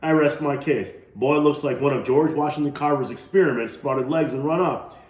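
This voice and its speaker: A man's voice: a little high, normal speed, roomy sound, voice pushed up, natural voice. A man playing a teasing old grandpa. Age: older. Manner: jokey, teasing, lively.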